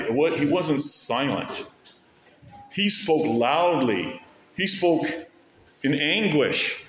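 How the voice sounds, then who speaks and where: A man preaching a sermon as pastor, with animated delivery that rises sharply to stress key words. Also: medium pitch, reverberant.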